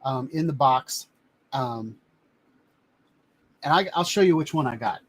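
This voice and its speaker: A man's voice: medium pitch, expressive, measured pace. A man hosting a casual live stream from a home studio, chatting in a rambling way as he shows items to the camera. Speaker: live-stream host reviewing drones.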